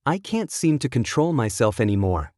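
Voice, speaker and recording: A man voicing a patient, coaxing young male alpha lover, speaking softly and pleadingly in a coquettish tone. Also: mid-range voice, very animated, moderate pace, dry recording, studio quality, natural voice.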